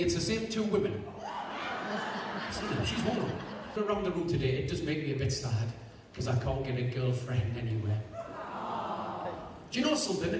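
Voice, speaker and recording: A Geordie man doing stand-up, his voice sitting a little high as he banters with the crowd between punchlines. He is captured from a distance in a big, echoing hall. Clear audience noise fills the room around him. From Newcastle, England. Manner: quick one-liners, chatty banter with the audience. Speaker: stand-up comedian. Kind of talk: stand-up comedy set. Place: live venue with audience. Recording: echoey hall, mic far, audience noise.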